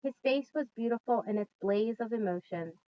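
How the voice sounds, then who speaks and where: A woman teacher reading a children's book aloud in a steady storytelling voice, on a dull lo-fi recording. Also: a little high, moderate pace. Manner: steady storytelling, quieter on narration.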